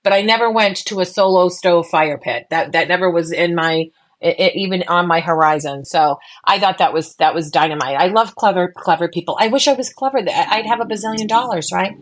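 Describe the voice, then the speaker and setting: A woman's voice: fairly low pitch, fairly quick. A middle-aged woman from Boston with a Boston accent, co-hosting a casual podcast chat in a chatty, self-deprecating way with lots of restarts. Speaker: co-host.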